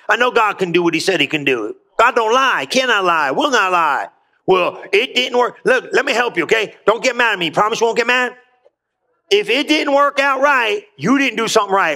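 High, bright-voiced preacher exhorting a congregation. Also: male voice. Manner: emphatic call-and-response preaching. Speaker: pastor. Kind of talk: sermon. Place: church.

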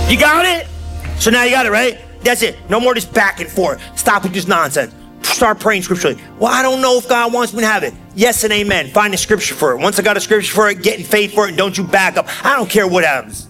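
A man preaching a sermon in a loose, conversational storytelling way, breaking into shouted bursts of excitement. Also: high-pitched, brisk, faint music behind.

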